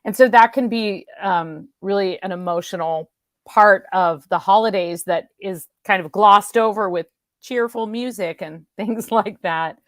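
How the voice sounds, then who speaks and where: A woman's voice: medium pitch, unhurried, no echo, studio quality. Reflective woman guest on a talk show. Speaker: author guest. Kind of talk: casual conversation.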